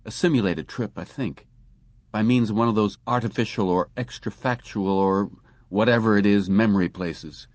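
A man's voice: lowish voice, normal speed, darkish tone, dry recording, highs cut off, natural voice. A man voicing a resentful, sardonic male clerk in an audiobook reading. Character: bitter, frustrated male office clerk.

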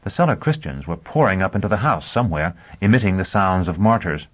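A man narrating a science fiction novel in a steady, even storytelling manner, on a dull lo-fi recording. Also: low voice, fast talker. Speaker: audiobook narrator. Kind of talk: scripted narration. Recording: dull lo-fi audio.

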